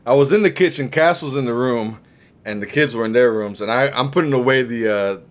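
A laid-back man from the Caribbean, co-hosting a casual podcast. His voice sits at an ordinary middle pitch. He talks loosely, laughs easily and keeps calling his friend bro. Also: brisk. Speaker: podcast co-host.

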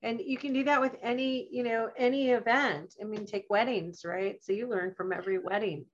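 A relaxed woman co-hosting a podcast, musing aloud in easy conversation and laughing readily. Her recording sounds a little dull and muffled. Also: fairly high pitch, moderate pace, slight background noise. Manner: relaxed, reflective, laughs easily. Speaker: podcast co-host, communication course teacher. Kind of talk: casual chat.

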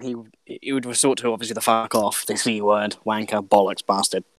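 A man's voice: fairly low pitch, steady tone, a little fast, no echo. A man co-hosting a casual podcast, chatting in a laid-back way with lots of fillers. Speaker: podcast co-host.

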